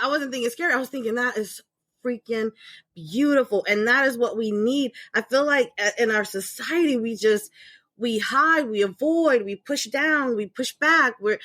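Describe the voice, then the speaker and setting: A woman's voice: fairly high pitch, sharp tone, no room sound. A middle-aged woman hosting a podcast, chatting casually in a talkative, rambling way. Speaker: podcast host. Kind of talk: casual chat.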